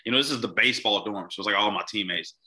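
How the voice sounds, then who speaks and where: A young man from Mississippi, a podcast guest telling a personal story in a halting way, often repeating words and restarting. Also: on the low side, bright, forceful tone.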